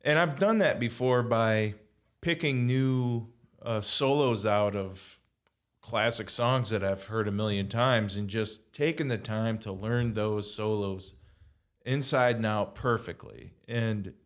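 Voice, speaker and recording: A man hosting a casual podcast, thinking aloud with relaxed hesitations. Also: lowish voice, slow, clean tone. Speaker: podcast host.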